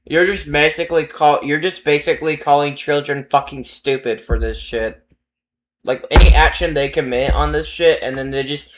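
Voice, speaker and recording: An irritated man rants over clips he is watching, swearing constantly as he talks back at them. His pitch sits in an ordinary middle range and he delivers it as loose, unscripted reaction talk. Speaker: reaction streamer. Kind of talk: profane reaction rant.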